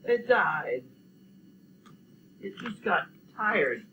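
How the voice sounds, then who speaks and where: A man's voice: sing-song, very slow, pushed and bright, a little hiss or hum, low-quality recording. An older man, musing and rambling in a casual chat about building projects and dogs. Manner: rambling, musing, low-key.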